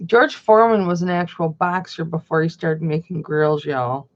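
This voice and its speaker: The middle-aged woman hosting this laid-back livestream chat has a low voice, a steady tone and normal speed as she reads out viewer comments. The recording comes through dull and lo-fi.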